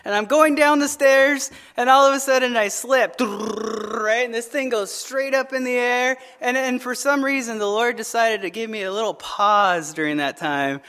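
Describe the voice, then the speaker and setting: A man preaching a sermon as pastor, telling stories in an animated way, often asking "right?" and repeating words as he starts phrases. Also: very high voice, normal speed, few pauses, smooth. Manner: animated storytelling with frequent "right?" tag questions.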